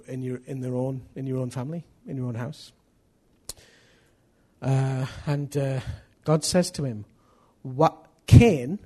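A middle-aged man preaching a sermon, animated, acting out little dialogues as he tells stories. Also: mid-range voice. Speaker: pastor.

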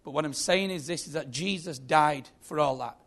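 A man's voice: a little high, moderate pace, fairly bright tone. A man preaching a sermon, earnest and emphatic, telling a story.

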